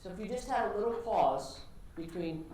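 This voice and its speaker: A woman instructor giving direct, encouraging feedback to students practicing pitches in a classroom. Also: animated, fairly quick, warm tone. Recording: echoey classroom with background noise.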